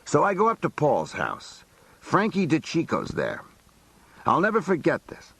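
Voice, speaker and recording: Male memoir narrator, husky, animated, streetwise. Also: fairly high pitch, a little slow, no room sound. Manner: colloquial, streetwise storytelling. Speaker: audiobook narrator. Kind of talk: first-person memoir narration.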